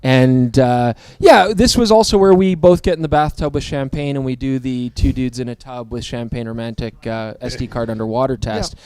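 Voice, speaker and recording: A man's voice: medium pitch, moderate pace, few pauses, smooth. A man hosting a casual chat about old videos, joking and laughing often. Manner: jokey, laughs often, animated. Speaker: show host.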